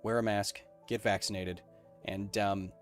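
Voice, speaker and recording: A man's voice: fairly low pitch, little pitch movement, unhurried. Young male streamer host, rambly and wired, chatting with viewers over faint music. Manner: rambling, self-described super caffeinated. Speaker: podcast host reading chat. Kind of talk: casual livestream chat.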